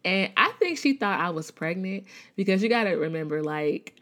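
A woman from the Chicago area, USA, in her thirties, gives a Christian testimony about her personal faith in a conversational way, with lots of fillers and restarts. Her fairly low, fairly bright voice has lively intonation at a normal speed.

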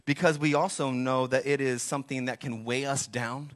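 A man in his forties preaching a sermon, telling a candid, self-deprecating story with animated asides. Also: mid-range voice, brisk, few pauses. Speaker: pastor.

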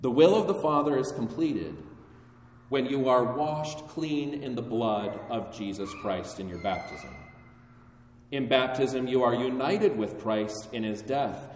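A man preaching a sermon in a church, solemn and measured, building to stronger emphasis. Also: medium pitch, far from the mic. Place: church sanctuary. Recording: echoey hall, voice from afar.

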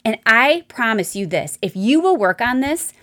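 Chatty and animated, a marriage coach runs her own solo advice podcast, addressing listeners directly. Her voice sits on the high side, at a moderate pace.

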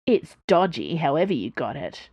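A woman voicing a sharp-tongued young female tech tinkerer who talks in a brisk, curt way. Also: low voice, sing-song, breathy edge, dry recording, lo-fi sound, heavily acted.

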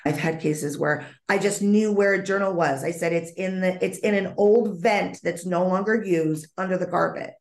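A woman's voice: lowish voice, moderate pace, hardly any pauses, reverberant. A woman being interviewed as a psychic medium, telling a story vividly, acting out the dialogue and often restarting her sentences.

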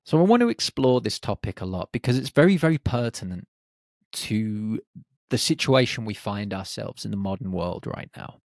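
A man hosting a reflective solo podcast, speaking in short, unhurried phrases. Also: fairly low pitch, expressive, a little mellow, no echo, clean studio sound. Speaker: podcast host.

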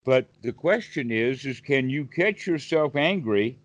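A man giving a calm, explanatory Buddhist talk on a group call, often repeating words as he thinks. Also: mid-range voice, measured pace, dry recording. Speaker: Buddhist teacher. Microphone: video call.

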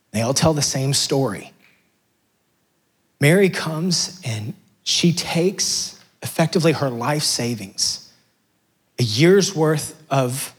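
Husky, passionate male preacher. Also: mid-range voice. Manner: passionate, rising to emphatic peaks. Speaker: pastor. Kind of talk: sermon.

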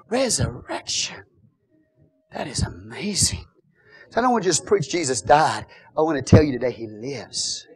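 A man preaching a Pentecostal sermon, moving between fervent shouted praise and quieter teaching. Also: a little high, slightly rough.

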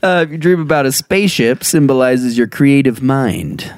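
A man's voice: mid-range voice, moderate pace, dry recording. A man hosting a podcast, reading dream meanings aloud in a casual, jokey way and laughing often. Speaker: podcast host.

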